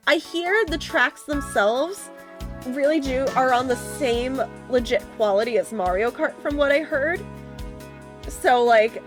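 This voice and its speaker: Giggly high-voiced woman streamer. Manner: giggly, reactive, swears. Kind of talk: casual gameplay commentary. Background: music.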